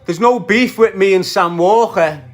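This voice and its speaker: A Scouse man talking into his phone on a livestream, voice pitched a little high and full of swagger. He swings between hard, profane trash talk and friendly greetings to viewers. Faint music plays behind him. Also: moderate pace. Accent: Liverpool Scouse. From Liverpool, England. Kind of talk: casual livestream rant.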